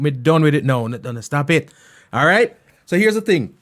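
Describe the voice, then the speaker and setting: A man's voice: fairly high pitch, big pitch swings, moderate pace, fairly bright tone. A man hosting an online music show, chatting casually and keeps asking "you know what I mean". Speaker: online radio show host. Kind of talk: casual chat.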